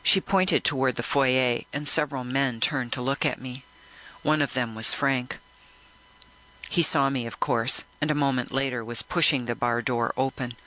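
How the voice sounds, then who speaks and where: A man narrating a first-person audiobook in a measured, reflective way. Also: medium pitch, fairly even intonation, bright, forceful tone, poor audio.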